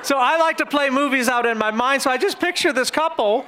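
A man preaching a sermon as pastor, telling lively, humorous stories. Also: extremely high pitch, fairly quick, slight background noise.

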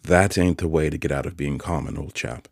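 A man voicing a kindly, simple-spoken village blacksmith in an audiobook, with earnest, gentle country speech. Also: a bass voice, fairly even intonation, a little fast, dry recording, clean studio sound. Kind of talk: audiobook character voice.

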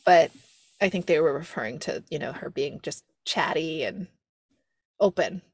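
A young woman hosting a podcast, chatting casually in a rambling, animated way, laughing often and swearing freely. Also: deep voice, moderate pace, breathy edge, no echo, studio quality. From America. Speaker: podcast host. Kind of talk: casual chat.

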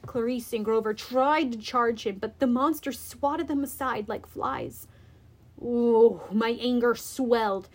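Slow high-voiced woman storyteller. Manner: expressive, slow and deliberate. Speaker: audiobook reader. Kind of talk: dramatic first-person storybook narration.

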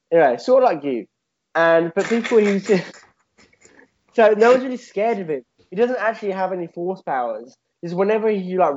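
A man's voice: high-pitched, darkish tone. A young man in rambling, comic chat that is full of "like". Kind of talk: casual comedic podcast chat. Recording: dull lo-fi audio.

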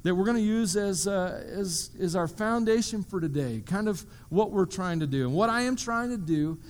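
A man's voice: sits high, lively intonation, normal speed. A man preaching a sermon to a congregation, telling a story vividly and dropping joking asides. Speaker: pastor.

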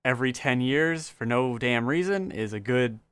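A man's voice: mid-range voice, animated, moderate pace, a bit bright, clear, resonant tone, no echo. A young adult man co-hosting a podcast, talking in a casual, dry, slightly grumbling way. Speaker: podcast co-host.

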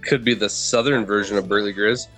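A man co-hosting a casual gaming podcast, quick with jokes and banter. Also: fairly low pitch, steady tone, fairly bright tone, soft background music. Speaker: podcast co-host.

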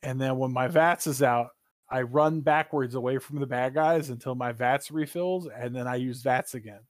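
A man co-hosting a casual gaming podcast, talking in an animated, profane, rambling way with sudden jumps in pitch. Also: moderate pace, no echo. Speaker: podcast co-host.

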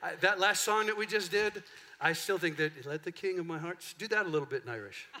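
A man's voice: high voice, a little fast, sharp tone. A middle-aged man, a pastor, telling a chatty story to his congregation during a sermon in a church. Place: church sanctuary.

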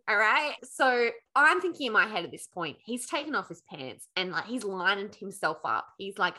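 A woman co-host in a casual book-recap chat, lively and foul-mouthed. Her voice is bright and forceful. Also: mid-range voice, moderate pace, hardly any pauses. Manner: animated, swears freely. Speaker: podcast co-host.

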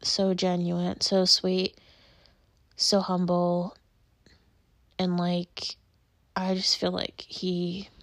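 A woman's voice: fairly low pitch, completely flat delivery, very slow, long pauses, dry recording. A young woman chatting casually to her camera, rambling with many filler words and near tears. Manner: rambling, lots of filler likes; emotional, on the verge of tears. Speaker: vlogger.

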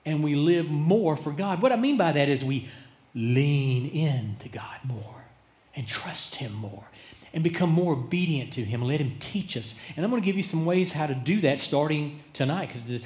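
A male pastor preaching a sermon, dramatic, swinging between loud emphasis and hushed tones. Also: a little high. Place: church sanctuary. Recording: echoey church sanctuary.

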